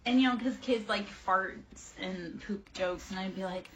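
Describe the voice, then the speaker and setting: A woman in her forties hosts a tarot reading on a livestream, speaking slightly slowly in a medium-pitched voice with faint background noise. Chatting easily with viewers, she tends to ramble and veer onto tangents as she answers chat.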